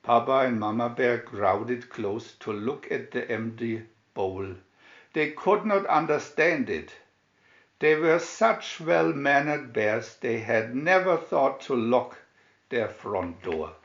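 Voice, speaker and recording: A man reading a fairy tale aloud from a picture booklet, expressive storytelling with announced picture numbers. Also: medium pitch, takes it slowly, reverberant, muffled recording. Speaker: storybook reader. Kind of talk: slow read-aloud fairy tale narration.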